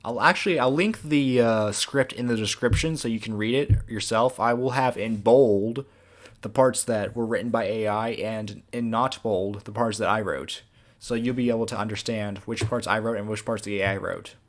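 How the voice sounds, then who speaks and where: Male series creator doing a casual commentary voice-over; somewhat low voice, loose and rambling. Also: normal speed. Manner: casual, rambling, with many fillers.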